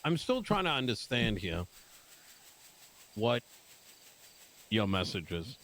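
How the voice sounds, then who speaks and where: Low-pitched man, roleplay character, confrontational and swearing, faint hiss behind. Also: sing-song, slow, a bit bright. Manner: blunt, profane, confrontational. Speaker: roleplay character in a city life game. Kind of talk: heated in-character argument.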